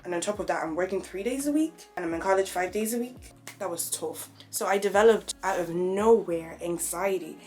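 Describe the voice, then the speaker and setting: A woman's voice: medium pitch, brisk, darkish tone, soft background music. A young woman, talking openly and reflectively in a personal vlog. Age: young adult. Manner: open, conversational, reflective. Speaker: vlogger.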